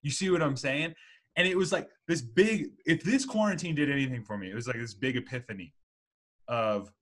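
A man's voice: mid-range voice, fairly quick. A man in his twenties hosting a casual podcast chat, rambling with lots of "like" and "you know". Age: 20s.

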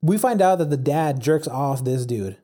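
This man has a fairly high, expressive, mellow voice and a moderate pace. He casually retells a documentary's story, rambling and filling his speech with "like" and "yada yada."

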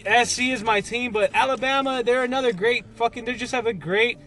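A man's voice: very high-pitched, fairly quick, sharp tone. A man hosting a podcast, trading laid-back, profane banter in casual chat. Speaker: podcast host.

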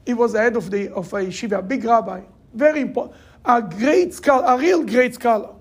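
A man's voice: very high voice, fairly quick, slightly rough. A man teaching a Torah class, emphatic, repeating phrases to drive his points home and telling stories. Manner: acts out quoted people in raised voices.

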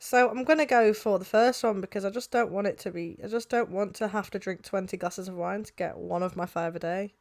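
A woman's voice: medium pitch, fairly quick, hardly any pauses. A woman, co-hosting a podcast in casual chat, teasing and giggly. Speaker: podcast co-host.

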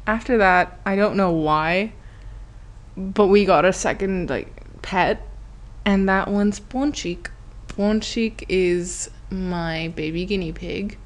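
A woman hosting a podcast tells a story in a casual monologue, speaking slowly at a medium pitch. She's chatty and giggly, full of "like" and acted-out quotes.

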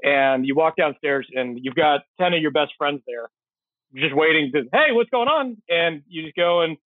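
A man talking in a relaxed, reflective way as a podcast host. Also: fairly high pitch, normal speed, dry recording. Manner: relaxed, reflective, brief backchannels. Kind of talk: casual chat. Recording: tinny phone-like line.

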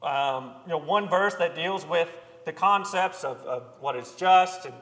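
A man's voice: a little high, a little slow, bright, forceful tone. Earnest man preaching in an echoey hall. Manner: earnest, plain-spoken with frequent ums and repeated words. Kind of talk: sermon. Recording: echoey hall with long reverb.

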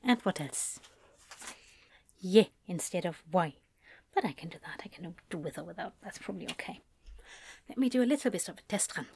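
A woman's voice: lowish voice, lively intonation, normal speed, gravelly, breathy edge, no room sound. A woman, an audiobook narrator, thinking aloud at home as she plans character voices, rambling and correcting herself, often dropping into half-whispered asides. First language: German.

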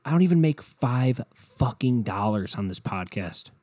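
A man's voice: mid-range voice, expressive, unhurried, dark tone, no room sound. A young man hosting his own podcast, ranting bluntly and rambling with lots of swearing. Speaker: podcast host. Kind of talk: solo podcast rant.

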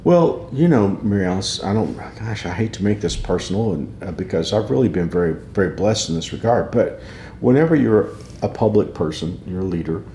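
A man with a fairly low voice speaks as a pastor, thoughtful and unhurried in tone, often restarting a phrase or chuckling softly as he reasons aloud. His voice carries a noticeable room echo, with a faint rumble underneath. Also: animated. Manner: reflective, with frequent restarts and soft laughs. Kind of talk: conversational devotional discussion.

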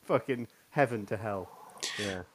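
A man's voice: fairly low pitch, a little slow, a crowd in the background. A man, host of a casual chat, telling crude stories and laughing as he goes. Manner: animated, laughing storyteller.

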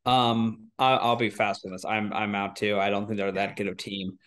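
A man's voice: lowish voice, flat delivery, normal speed, fairly bright tone. A man on a sports podcast, chatting casually in a rambling, self-mocking way with many restarts.

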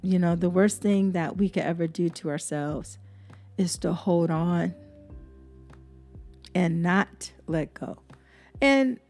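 On her devotional podcast, this host reads Bible verses and preaches in an earnest, preacherly way, often repeating herself for emphasis. Her voice sits on the low side and sounds mellow.

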